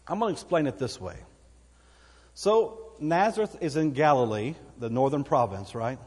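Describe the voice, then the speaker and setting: A man's voice: mid-range voice, lively intonation, normal speed, a little mellow, slightly rough, in a large hall. A man with a Texan accent preaching a sermon as pastor, folksy and conversational, with asides to the congregation. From Texas.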